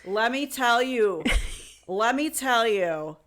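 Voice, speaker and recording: A woman's voice: fairly high pitch, animated, takes it slowly, fairly bright tone. Woman co-host, chatty and giggly, trails off and restarts a lot. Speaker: podcast co-host presenting the story. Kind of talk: casual podcast chat.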